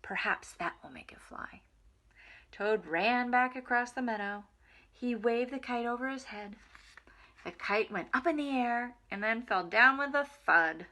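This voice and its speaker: Woman reading a kids story out loud, gentle and expressive, bright fairly high voice. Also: a little slow. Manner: gentle, expressive, talks to small children. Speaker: nursery school reader. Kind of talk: storybook read-aloud for children.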